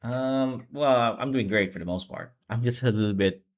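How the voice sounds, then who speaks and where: A man's voice: mid-range voice, moderate pace. A sleepy young man streaming as he draws manga, chatting casually in a rambling, laid-back way that keeps correcting itself. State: sleepy, low energy. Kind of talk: casual live-stream chat while drawing.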